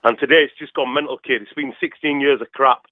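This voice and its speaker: A man in his fifties with a Yorkshire accent, calling in to rant passionately, tacking "kid" onto nearly every pause. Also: medium pitch, steady tone, no room sound. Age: 50s. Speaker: caller. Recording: tinny phone line.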